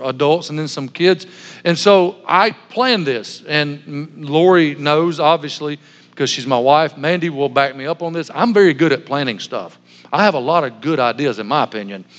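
A man's voice: a little high, a bit bright, muffled recording. A man pastor giving a sermon, telling stories in a humorous, self-deprecating way. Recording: long hall reverb.

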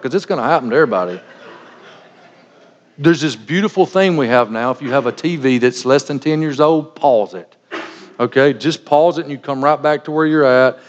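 A middle-aged man preaching a sermon, folksy and joking, acting out little everyday scenes. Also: medium pitch. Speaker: pastor. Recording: dull sound with long reverb in a large hall.

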